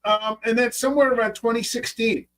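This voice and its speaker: Fifty-something male host, high voice a little far from the mic, swears freely while telling stories. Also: fairly even intonation, fairly quick, fairly bright tone. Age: 50s. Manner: profane, storytelling, acts out his own past remarks. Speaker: podcast host. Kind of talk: casual interview chat.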